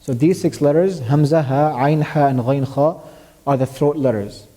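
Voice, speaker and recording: A man teaching a tajweed lesson. He explains step by step, recites short Arabic verses, and quizzes his student along the way. His voice is warm and mellow and carries a long hall reverb. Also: fairly high pitch, moderate pace. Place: mosque classroom.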